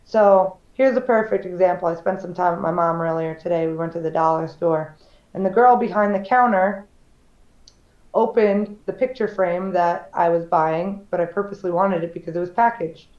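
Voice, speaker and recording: A woman's voice: fairly low pitch, normal speed, darkish tone. Candid woman in a roomy, dull recording. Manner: candid storyteller, acts out quoted voices. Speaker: podcast co-host. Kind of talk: casual chat.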